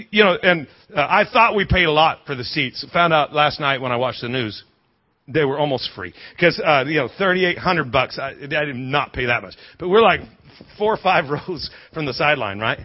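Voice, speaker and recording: A high-voiced man preaching in a loose storytelling way, stumbling over restarts and tossing questions to the room. The sound is slightly dull. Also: slightly rough. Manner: chatty, restarts often, asks the congregation. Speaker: pastor. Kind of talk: storytelling sermon.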